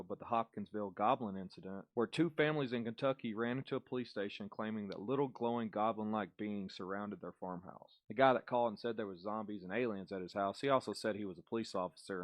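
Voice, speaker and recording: A man rattles through stories at a quick clip in a fairly low voice. His talk is loose and casual, with the odd swear word. The sound is dry and close, like a podcast mic. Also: no echo. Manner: relaxed storytelling, swears casually. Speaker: co-host reacting to clips. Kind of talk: casual chat.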